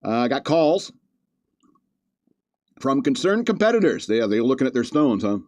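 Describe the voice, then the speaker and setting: A man's voice: mid-range voice, big pitch swings, moderate pace, darkish tone, no room sound. Male podcast host, casual comedic commentary, reads news with asides, dry close mic. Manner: chatty, reads news aloud with asides and chuckles.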